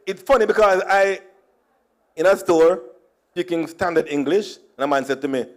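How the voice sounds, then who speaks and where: A middle-aged Jamaican man with a Jamaican accent gives a comic storytelling speech at a conference, switching between Creole and standard English. His voice is a little high and his speed normal, and he chuckles at his own jokes.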